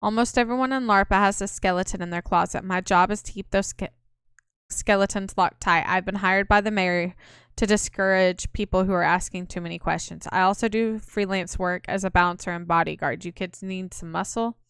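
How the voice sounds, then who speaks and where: A woman voicing a menacing hired bouncer who speaks in a low, threatening way. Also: steady tone, normal speed, a bit bright, clear, resonant tone, no room sound, clean studio sound, lightly acted.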